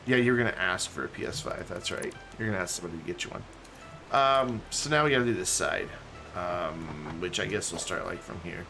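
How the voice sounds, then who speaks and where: A man's voice: sits low, brisk, creaky, sharp tone, faint music behind. A man streaming a game live, chatting loosely and reading chat aloud. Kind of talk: casual live-stream chat while gaming. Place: home room with background music. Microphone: desk mic and webcam.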